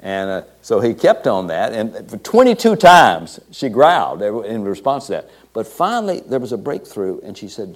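Low-voiced man telling a sermon story. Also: big pitch swings. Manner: halting, many fillers and restarts, quoting scripture. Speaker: preacher.

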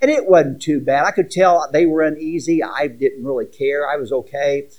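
Male pastor, high voice, earnest sermon delivery with scripture reading. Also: normal speed, a little mellow, highs cut off. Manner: earnest preaching, reads scripture aloud with asides.

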